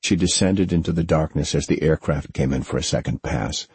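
A man reading a story aloud as a narrator, in a steady, measured way. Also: a bass voice, breathy edge, no room sound. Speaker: audiobook narrator. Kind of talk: scripted narration.

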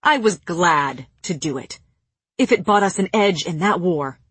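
A woman reading an audiobook voices a battle-hardened male warrior who speaks roughly and with strain. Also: medium pitch, normal speed, dry recording, close to an everyday voice. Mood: bitter. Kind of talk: audiobook character voice.

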